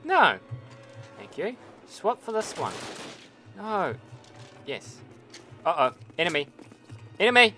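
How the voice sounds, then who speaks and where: A man with a very high, bright voice gives let's-play commentary, swinging widely in pitch as he rants and swears at the game. He speaks at an unhurried pace, with faint gunfire from the game behind him. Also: soft background music. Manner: excitable and ranting, swearing at the game. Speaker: gaming channel host.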